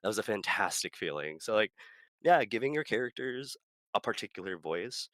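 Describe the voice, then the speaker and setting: A very low-pitched man, chatting casually as a streamer and game master. His tone is bright and forceful, and the recording is close and dry, with quick, animated talk full of fillers and curses. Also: no echo. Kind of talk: casual chat.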